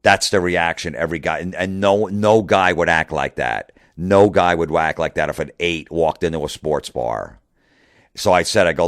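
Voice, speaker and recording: A man's voice: low-pitched, normal speed, dry recording, clean studio sound. A middle-aged man, a comedian and podcast host ranting profanely and acting out old conversations. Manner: profane, exasperated, re-enacts conversations. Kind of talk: ranting monologue.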